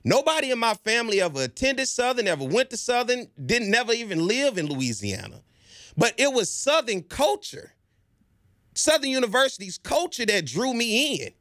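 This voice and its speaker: Male sports fan-show host, high voice, slangy and persuasive, dry close sound. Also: very animated, normal speed, fairly bright tone, no room sound. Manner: emphatic, persuasive, often addresses listeners directly; slangy and conversational. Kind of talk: casual commentary monologue.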